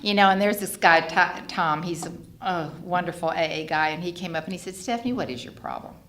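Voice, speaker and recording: A woman's voice: lowish voice, fairly quick. Woman in her sixties telling her story. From Texas. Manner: lively storyteller who acts out quoted dialogue. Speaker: speaker at a recovery fellowship gathering. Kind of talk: personal storytelling talk. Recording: roomy hall recording with faint background noise.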